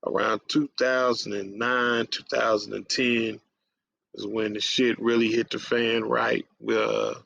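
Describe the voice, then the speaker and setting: A man's voice: lowish voice, a little slow, gravelly, fairly bright tone. A man hosting a radio show, telling a casual story in profane streetwise slang and tagging lines with "man". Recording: dull lo-fi audio.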